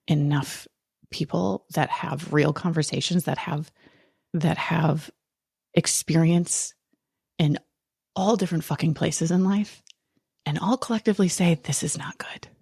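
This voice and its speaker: A woman's voice: low voice, creaky, a little mellow, husky, dry recording, clean studio sound. A woman hosting a podcast, talking through a raw, angry personal monologue and swearing freely. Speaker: podcast host.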